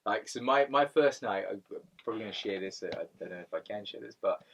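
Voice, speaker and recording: A man's voice: fairly low pitch, fast talker, a bit bright. A man co-hosting a podcast and telling stories in a casual, rambling way, often repeating words. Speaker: podcast co-host. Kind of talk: casual storytelling chat.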